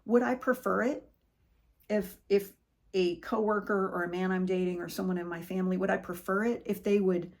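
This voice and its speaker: A woman's voice: mid-range voice, normal speed. A middle-aged woman hosting a podcast, talking earnestly and conversationally in a personal motivational monologue. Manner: earnest, conversational storytelling with animated quoted voices. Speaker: podcast host.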